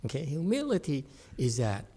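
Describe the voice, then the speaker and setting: A man's voice: on the high side, huge pitch swings, moderate pace, dark tone. A man teaching a meditation class in a humorous dharma talk, teasing his listeners and asking them to agree. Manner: teasing, joking, asks the audience for agreement.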